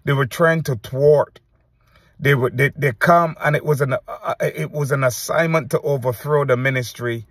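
Husky-voiced man preaching to camera. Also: mid-range voice, no echo. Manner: earnest, halting, recounts visions with many restarts. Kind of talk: testimony to camera.

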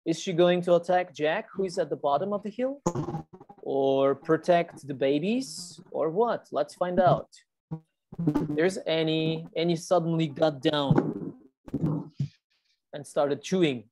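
A woman's voice: low-pitched, a little slow, darkish tone, no room sound. A woman teacher reading a storybook aloud to children on a video call and patiently explaining the words.

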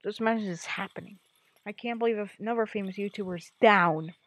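A woman's voice: medium pitch, quick pace. A woman giving casual, rambling reaction commentary on videos, jumping from one topic to the next. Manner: rambling, jumps between topics.

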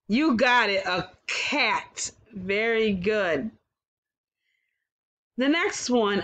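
Kindergarten teacher, female, slightly high voice, painfully slow and clear, encouraging sing-song delivery. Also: expressive, bright, forceful tone. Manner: encouraging, exaggerated sing-song praise and questions. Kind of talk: slow, clearly enunciated phonics lesson for young children.

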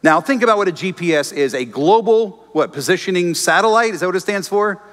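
A man's voice: sits high, a little fast. A man preaching a sermon as pastor, telling stories with humor and acting out the voices of the people he quotes. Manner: animated storytelling, acts out quoted voices, jokes with congregation. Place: church auditorium. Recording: long reverb of a church hall.

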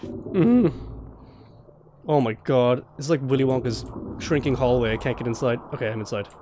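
A man's voice: medium pitch, normal speed, noisy background. A young man playing a horror game blind, jumpy and swearing, laughing nervously as he talks through the scares. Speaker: let's play host.

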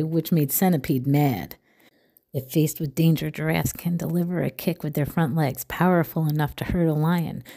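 A woman reading a children's picture book aloud with clear, expressive storytelling. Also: deep voice.

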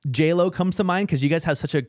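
A man's voice: fairly high pitch, quick pace, a little mellow, dry recording, clean studio sound. A man hosting a podcast, chummy and teasing, asking long rambling questions. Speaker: podcast host. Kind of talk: casual chat.

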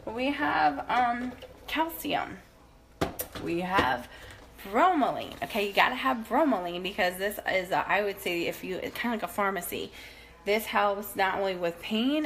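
A woman in her thirties with a medium-pitched voice and vocal fry gives a casual house tour to camera, walking from room to room against a noisy background. She's chatty, upbeat and a little out of breath, often checking in with "okay?" and "guys."

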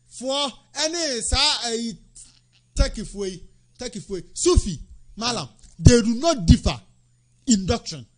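Man, high voice, animated preacher, raises voice to a shout. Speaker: Islamic radio presenter. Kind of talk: religious talk show.

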